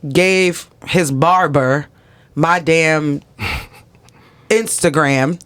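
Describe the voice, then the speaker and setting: Young woman podcast co-host, animated and profane, casual storyteller. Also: sits low, extremely slow. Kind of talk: casual chat.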